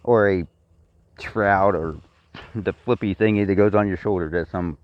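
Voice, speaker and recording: A man's voice: low voice, fairly even intonation, normal speed, no echo. A middle-aged Texan man rants with blunt, profane repetition. His delivery is that of someone airing grievances alone to a camera. The sound is dry and somewhat dull, like a cheap recording. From Texas. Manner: blunt and profane, repeats himself. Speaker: vlogger. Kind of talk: angry personal rant.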